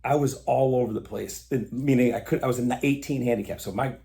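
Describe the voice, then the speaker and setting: Podcast guest, male, gravelly voice, animated storyteller who acts out quoted lines. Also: mid-range voice, fast talker. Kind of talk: casual storytelling chat.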